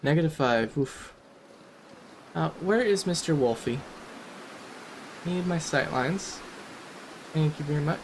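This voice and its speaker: A man talks through a survival game in a relaxed, rambling way, joking at his own expense. His voice sits a bit high for a man, with a faint hiss of noise behind it. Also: slow, pauses often. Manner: chatty, self-deprecating, rambling. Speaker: game commentator. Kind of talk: casual gameplay commentary.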